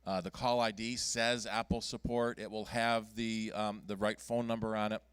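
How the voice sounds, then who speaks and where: A man presenting at a computer club meeting, speaking in a low, smooth, resonant voice. He talks casually and halts often, filling gaps with ums and restarting his sentences. The sound is dry and close. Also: flat delivery, fairly bright tone, no room sound. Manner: halting, many ums and restarts. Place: meeting room.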